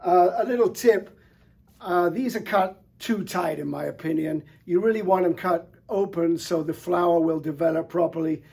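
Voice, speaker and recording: A middle-aged man presenting flowers in an enthusiastic, relaxed showcase talk, with frequent fillers. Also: high-pitched, moderate pace, creaky, husky. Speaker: florist presenter.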